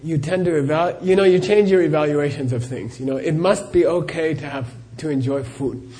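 A middle-aged Buddhist teacher with a fairly high, mellow voice speaks briskly while answering questions in a live talk. He's a chatty storyteller who laughs often and says "you know" a lot.

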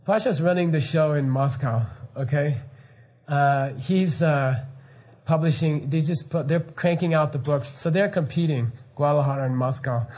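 Animated laughing male spiritual teacher. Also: fairly high pitch, normal speed. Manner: animated, laughing, mock-incredulous asides. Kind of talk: informal dharma lecture.

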